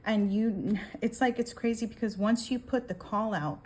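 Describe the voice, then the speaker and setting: A woman's voice: fairly high pitch, moderate pace, darkish tone, slight background noise. A woman giving a casual tarot reading, talking emphatically, swearing and often checking in with "okay?". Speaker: tarot reader.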